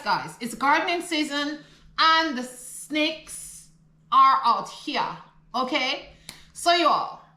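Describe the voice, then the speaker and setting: Caribbean lady vlogging from her country home, bright voice, kinda echoey room. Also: fairly high pitch. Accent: Caribbean English. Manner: animated, laughs often, repeats herself. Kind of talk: casual chatty vlog.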